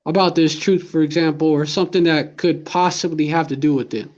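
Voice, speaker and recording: A man's voice: on the high side, fairly even intonation, brisk, darkish tone, dull audio. A man in a casual chat who talks earnestly about religious teachings and reads scripture aloud. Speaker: conversation partner.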